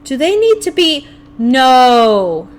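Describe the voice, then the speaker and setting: A young woman streaming a video game live, talking to herself and her chat in an animated, playfully grumbling way. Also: sits high, slow. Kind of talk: live gameplay commentary.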